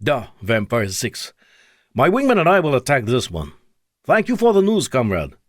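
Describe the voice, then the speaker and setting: A man's voice: mid-range voice, wildly swooping pitch, normal speed, no room sound, studio quality. A man voicing a grim male Russian wing commander with a thick Russian accent, speaking in formal radio talk with an ominous edge.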